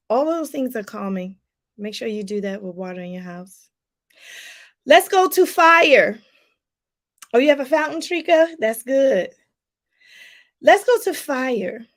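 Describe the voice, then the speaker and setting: A woman life coach talking casually to her viewers in a live stream, chatty and lively, laughing often and calling them "y'all". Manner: lively, pitch jumps up for emphasis.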